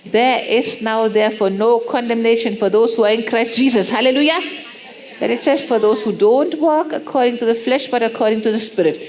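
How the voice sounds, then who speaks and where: A woman preaching a sermon, pressing points with repeated rhetorical questions and acting out soft prayers. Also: fairly high pitch, a little fast. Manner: acts out prayers in soft pleading tones.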